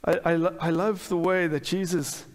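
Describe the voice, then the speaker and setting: A man's voice: high voice, steady tone, normal speed. A middle-aged man preaching a sermon in a church, candid and self-deprecating, with many fillers and restarts. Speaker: pastor. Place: church hall. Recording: long hall reverb.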